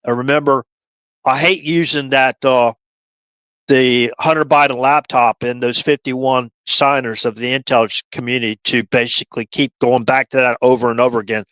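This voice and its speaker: A man's voice: mid-range voice, steady tone, normal speed, a bit bright, smooth, dry recording. A man hosting a livestream, rambling and repeating himself as he lays out his theories. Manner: rambling, repetitive, conspiratorial. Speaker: livestream host.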